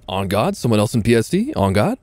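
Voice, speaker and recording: A man's voice: fairly low pitch, sing-song, a little fast, darkish tone. A man with a Californian accent giving casual, joking commentary on a live game stream, laughing often.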